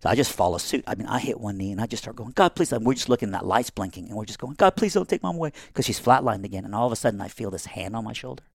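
A middle-aged man from Iran, a podcast guest, telling a family story in an animated way and acting out the people in it. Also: lowish voice, very fast, gravelly, few pauses, slightly rough, no room sound, studio quality.

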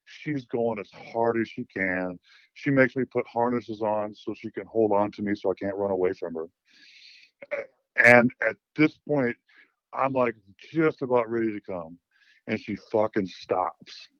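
Blunt low-voiced man, candid and profane. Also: a little slow, no echo, lo-fi sound. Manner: blunt, profane, with many restarts. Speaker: caller. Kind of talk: frank storytelling interview.

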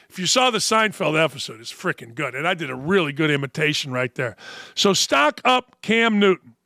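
A man's voice: a little high, fairly quick, no echo. A man hosting a sports talk show, delivering a brash, mocking monologue of opinionated commentary from a studio. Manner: brash, mocking, animated rants.

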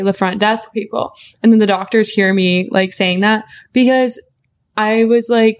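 A woman's voice: mid-range voice, normal speed. Chatty young woman telling a story. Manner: animated, acts out quotes, swears freely. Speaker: podcast co-host. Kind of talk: casual storytelling chat.

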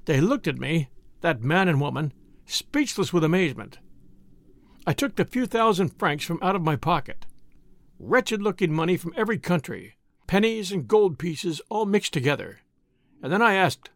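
A man narrating a story with measured, expressive delivery. His voice sits fairly high and moves widely in pitch. The recording is close and dry, with no room sound. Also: no echo. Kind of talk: story reading.

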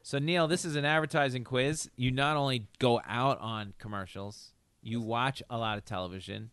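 Smooth-voiced man hosting a quiz. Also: mid-range voice, normal speed, a bit bright. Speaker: quiz host. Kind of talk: casual quiz banter.

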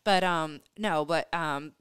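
A woman's voice: deep voice, slow pace, a bit bright, clear, resonant tone, dry recording. Emotional, rambling woman host. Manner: emotional, rambling, many fillers. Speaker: podcast host interviewing guests. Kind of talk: conversational interview.

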